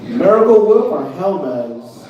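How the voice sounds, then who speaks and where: A man's voice: high-pitched, sing-song, slow pace, lo-fi sound. A man doing self-deprecating stand-up stories at an open mic. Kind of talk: stand-up set. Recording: echoey room from far off, loud crowd.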